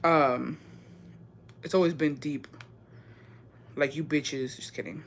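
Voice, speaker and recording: A young woman with a deep, slightly raspy voice hosting a casual livestream, chatty and profane, dropping in Spanish words as she greets viewers. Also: steady tone, slow, long pauses, slight background noise. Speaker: livestream host. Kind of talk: casual livestream chat reading comments.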